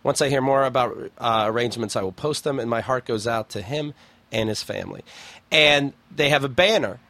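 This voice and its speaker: A man's voice: medium pitch, brisk, bright, forceful tone, no echo. A man hosting a podcast, chatting casually and reading forum posts aloud in a wry, blunt way, swearing freely. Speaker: podcast host.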